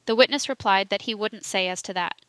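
Woman narrator, audiobook reading, steady, bright crisp voice, dry close sound. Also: mid-range voice, fairly quick, no echo. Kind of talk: audiobook reading of a historical trial report.

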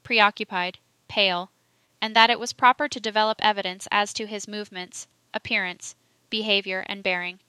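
A woman narrating an audiobook reading of a historical trial report, steady and even. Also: medium pitch, moderate pace, smooth, dry recording.

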